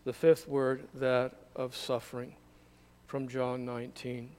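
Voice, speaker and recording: Brief: male scripture reader at a candle service, resonant and even, solemn. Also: medium pitch. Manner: measured, solemn reading.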